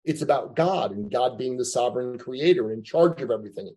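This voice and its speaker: Guy teaching a bible class, mellow kinda husky voice, chatty, thinks out loud. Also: medium pitch, expressive, a little fast, rough recording. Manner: thinking aloud, conversational, with frequent asides. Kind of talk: classroom lecture.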